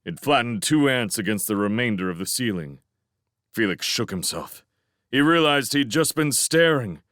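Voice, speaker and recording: A man giving a dramatic fan reading of a novel, swinging between tense urgency and hushed lines. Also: mid-range voice, expressive, normal speed, no room sound, studio quality. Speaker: audiobook reader.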